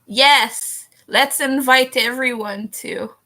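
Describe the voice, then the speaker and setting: A young woman chatting casually on a livestream, giggly, with occasional vocal fry. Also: sits high, fairly even intonation, takes it slowly, sharp tone. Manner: chatty and giggly, laughs often. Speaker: streamer.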